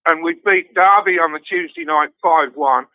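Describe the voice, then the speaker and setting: An older man chats casually and tells his stories in a high voice, with swearing and frequent laughter all through. The sound is thin and dry, like a phone line. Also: normal speed, no echo. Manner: swears constantly, storytelling with laughs. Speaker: guest fan. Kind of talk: casual chat.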